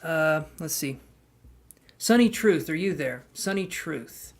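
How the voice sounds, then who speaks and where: A man's voice: a little high, lively intonation, slow pace. A man hosting a live tarot stream in casual chat, greeting viewers by name, handing out queue numbers and cracking jokes.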